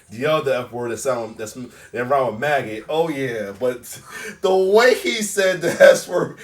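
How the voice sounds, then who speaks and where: Reaction host guy, hyped, keeps laughing and tripping over his words, sounds a bit far off the mic. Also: medium pitch. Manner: excitable, laughs often, stammers and restarts. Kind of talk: casual reaction commentary.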